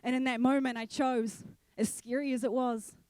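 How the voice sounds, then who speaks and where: A young woman speaker giving a sermon, telling her own story in an animated way and acting out the voices of people she quotes. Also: high voice, normal speed, smooth, dry recording. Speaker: guest speaker.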